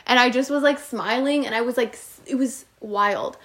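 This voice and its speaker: A young woman co-hosting a podcast, telling an animated story in casual chat, filled with "like". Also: on the high side, moderate pace. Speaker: podcast co-host.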